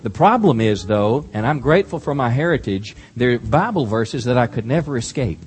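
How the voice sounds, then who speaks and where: A man's voice: mid-range voice, lively intonation, fairly quick, a little hiss or hum. A man preaching as the pastor, earnest, reading scripture verse by verse before introducing a guest. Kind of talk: sermon. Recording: faint music behind.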